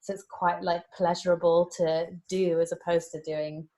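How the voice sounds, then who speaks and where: An English woman, an actress guest in a casual interview, lively and quick to agree. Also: fairly low pitch. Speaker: actress and paranormal investigator guest.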